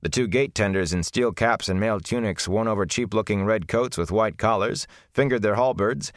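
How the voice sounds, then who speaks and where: A man narrating a fantasy novel in a measured, deliberate storytelling manner, recorded on a close mic. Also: lowish voice, dry recording. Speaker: audiobook narrator.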